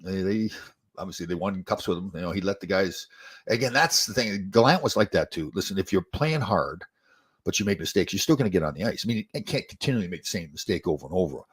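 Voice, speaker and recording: An older man, once a hockey player and now a host, tells stories in a loose, rambling way, restarting his sentences and chuckling. His voice sits low and a little husky, and the words tumble out quickly. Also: animated. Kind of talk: casual storytelling chat.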